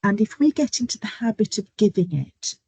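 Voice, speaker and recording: A middle-aged woman speaks as a nurse educator on a video-call webinar, chatty and anecdotal with frequent ums. Her medium-pitched voice is animated, brisk, mellow, and slightly rough, in a low-quality recording without echo.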